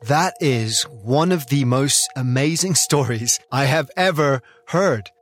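A man's voice: mid-range voice, animated, slow, soft background music. A man hosting and narrating, retelling the events with enthusiasm and plenty of expression. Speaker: host, narrator. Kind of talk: documentary narration with commentary.

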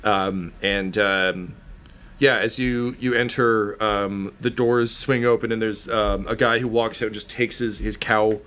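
A man's voice: fairly low pitch, steady tone, measured pace, a bit bright. A man running a tabletop game as game master, narrating loosely with many ums and likes. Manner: rambling, full of fillers like um and like.

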